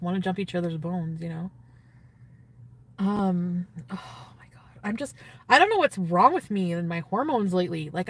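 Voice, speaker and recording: A woman's voice: mid-range voice, fairly bright tone, distant mic. A woman chatting on a phone livestream from a parked car, giddy and gushing, reading and answering her chat.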